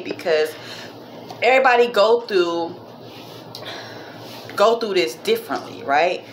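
Woman vlogger, low voice, casual rambling chat, heartfelt, slight cough, faint background noise. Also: takes it slowly, pauses often, fairly bright tone. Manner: chatty, rambling, addresses viewers as "y'all"; heartfelt, religious. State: minor cough. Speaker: vlogger, mother.

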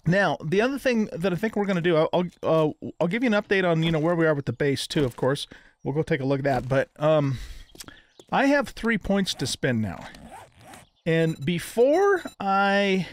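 A man's voice: on the high side, expressive, moderate pace. An older man casually talking through his gameplay as the host, with frequent ums and restarts. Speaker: gaming YouTuber.

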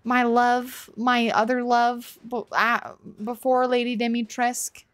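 A woman's voice: fairly high pitch, level tone, measured pace, clear, resonant tone. A woman streaming a horror game for the first time, reacting with startled curses and apologizing to the characters. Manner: jumpy, swears when startled, apologetic. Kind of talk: live gameplay commentary.

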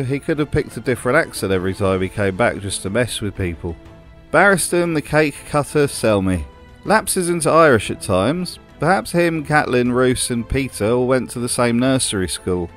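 Dry, sarcastic male narrator. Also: medium pitch. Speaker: host. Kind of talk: comedic video essay narration.

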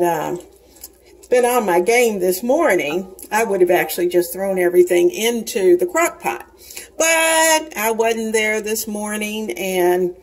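In a rough recording, a cooking channel host in her sixties chats homily with her audience as she cooks in her home kitchen, giving a casual demonstration. She has a medium-pitched voice with a darkish tone.

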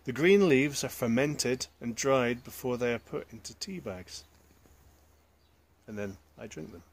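A man's voice: medium pitch, animated, measured pace, a little hiss or hum. A man reading a children's picture book aloud, adding chatty asides to the listeners. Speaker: storyteller.

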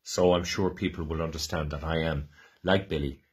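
A man's voice: rumbling low, normal speed, breathy edge. A man with an Irish accent hosting a programme, giving an emotional, fervent commemorative address and reading a historic text aloud. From Ireland. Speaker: programme host.

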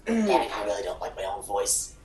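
A performer voicing a robot bear stuck with a raspy, cracking high voice in a real-time game fandub. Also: big pitch swings, normal speed, darkish tone. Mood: grumbling. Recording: roomy, distant, faint background noise.

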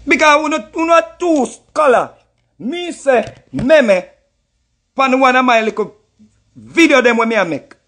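A Jamaican man speaking in a strikingly high, husky voice. He talks through clips in an indignant, mocking, repetitive way, building his complaint point by point. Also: expressive, measured pace, a bit bright. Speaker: reacting artist. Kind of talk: heated reaction commentary.

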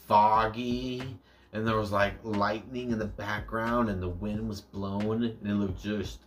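A young American man hosting a music reaction, talking casually with many fillers and jokey asides. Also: fairly low pitch. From United States.

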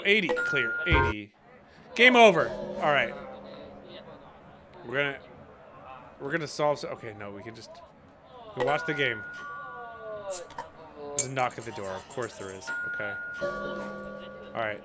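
A man hosting a gaming channel, chatting in a bemused way to himself as he plays a game. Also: medium pitch. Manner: chatty, bemused, talking to himself while playing. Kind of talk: let's play commentary.

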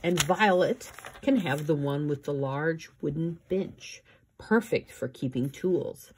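A woman's voice: low voice, slow, background noise. A woman voicing a mild, agreeable wealthy man. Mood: polite. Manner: polite and easygoing. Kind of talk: audiobook reading.

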